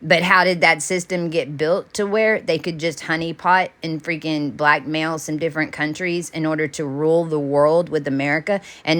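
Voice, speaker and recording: Low-voiced woman, intense and profane. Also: fairly even intonation, moderate pace, few pauses, fairly bright tone. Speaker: self-styled channeler. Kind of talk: rambling spiritual monologue.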